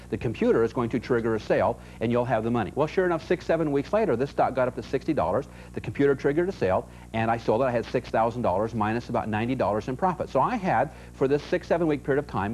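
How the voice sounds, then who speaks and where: A man's voice: medium pitch, darkish tone, rough recording. A middle-aged man giving a motivational seminar, telling stories with emphasis and repeating key phrases for effect. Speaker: seminar speaker. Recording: faint hiss on old VHS tape.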